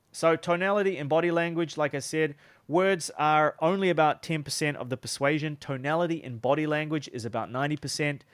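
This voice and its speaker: A man's voice: on the high side, no room sound. A young man teaching sales in a loose, chatty way, often restarting his sentences. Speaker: sales coach. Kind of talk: casual teaching talk.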